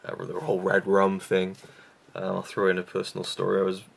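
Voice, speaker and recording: Gravelly-voiced young man rambling casually. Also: sits low, monotone, brisk. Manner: rambling, self-deprecating, frequent fillers and restarts. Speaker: YouTube reviewer. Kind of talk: casual vlog chat.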